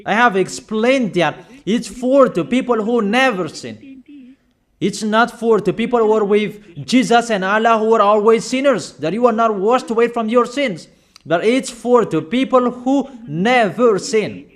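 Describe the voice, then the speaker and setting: A man with a fairly high voice delivers a sermon, hammering his points home and repeating them. His English is halting, with fillers and non-native phrasing, and he keeps turning questions on his listeners. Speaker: preacher.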